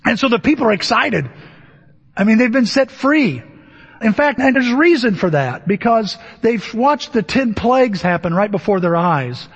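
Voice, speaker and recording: A pastor preaching a sermon, telling the story with animated energy, acting out voices and asking the congregation questions. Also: male voice, sits high, moderate pace, breathy edge. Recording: dull, lo-fi audio with long hall reverb. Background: laughter from the congregation.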